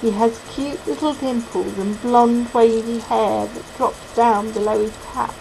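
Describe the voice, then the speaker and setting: Slow, soft-spoken woman reading aloud. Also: a little high, steady tone, vocal fry, a little hiss or hum, poor audio. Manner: soft, unhurried first-person storytelling. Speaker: reader.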